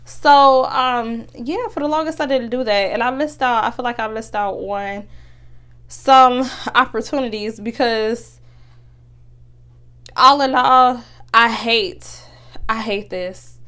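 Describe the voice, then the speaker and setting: A young woman talks casually and earnestly, full of fillers and restarts. Her voice sits a little high. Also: a little slow, a bit bright. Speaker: podcast host. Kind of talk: casual motivational talk.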